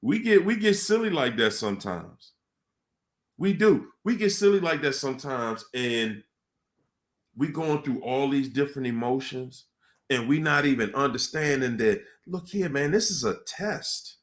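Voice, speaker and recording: A man giving a casual motivational talk to a room, telling stories in colloquial, animated speech. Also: mid-range voice, a little slow.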